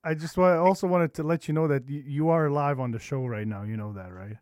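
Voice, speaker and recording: A man's voice: a little high, brisk, a little mellow, no room sound, clean studio sound. A man hosting a podcast, laughing a lot and asking short prompting questions in casual chat. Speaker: podcast host.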